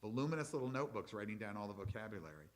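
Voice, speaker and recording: A man's voice: fairly low pitch, sing-song, racing. A middle-aged man, a rabbi, giving a chatty, explanatory lecture to his congregation and taking questions from the audience.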